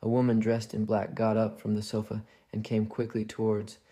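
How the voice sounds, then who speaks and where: A man narrates a classic mystery tale in a low, dark voice with a gravelly edge. He reads quietly and evenly, barely moving in pitch, as if lulling a listener toward sleep. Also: completely flat delivery, moderate pace. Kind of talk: calm storybook narration.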